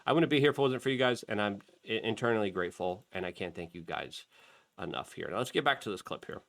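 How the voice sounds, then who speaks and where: A man's voice: fairly low pitch, lively intonation, fast talker, gravelly, a bit bright. A middle-aged man hosting a talk show, commenting on a clip with heated, emphatic bursts. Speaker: show host.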